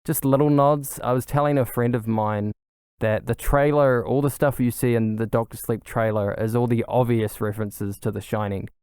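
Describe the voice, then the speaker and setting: Young man rambling eagerly, smooth voice. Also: medium pitch, fairly even intonation, normal speed, a little mellow, no room sound, clean studio sound. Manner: rambling, many fillers and restarts, eager. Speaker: podcast host. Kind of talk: casual solo chat.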